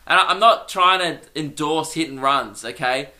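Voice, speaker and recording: A man's voice: a little high, normal speed, sharp tone. A young man hosting a solo comedy podcast, rambling and self-mocking and laughing at his own jokes.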